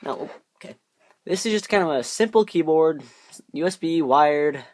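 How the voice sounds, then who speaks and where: A man's voice: on the high side, animated, normal speed, darkish tone, a little hiss or hum. A man chatting casually while unboxing off camera, rambling and muttering to himself as he fumbles, recorded by a camera on a tripod. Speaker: unboxing vlogger.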